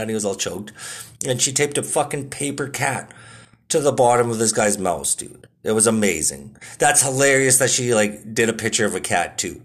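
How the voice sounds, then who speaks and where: A man's voice: medium pitch, expressive, moderate pace. A man in his thirties telling stories in a casual, rambling monologue, full of swearing and filler words. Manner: laid-back, swears a lot, lots of filler words.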